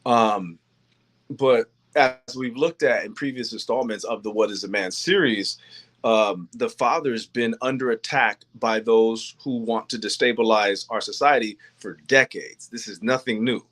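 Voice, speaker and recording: A man's voice: mid-range voice, a little slow, a bit bright. A man hosting a faith-based talk show, speaking earnestly with frequent ums and restarts. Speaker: host. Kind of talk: monologue on faith and manhood.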